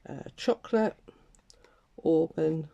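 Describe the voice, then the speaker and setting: A woman hosting a craft video, chatting casually to herself and her viewers with laughing asides, in a rough morning voice. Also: low-pitched, slow pace, warm tone, lo-fi sound. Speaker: craft channel host.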